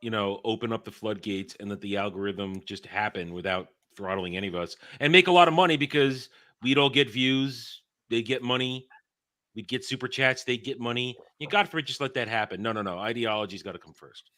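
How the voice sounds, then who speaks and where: A man's voice: medium pitch, fairly quick, bright, forceful tone, dry recording. A man in a casual podcast chat, sarcastic and emphatic.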